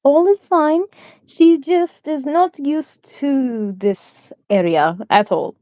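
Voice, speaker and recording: Cast a woman as a placating male adventurer, a bit high, dry, slightly dull audio. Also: slow, darkish tone, no room sound. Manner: placating, soothing. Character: soothing male adventurer character.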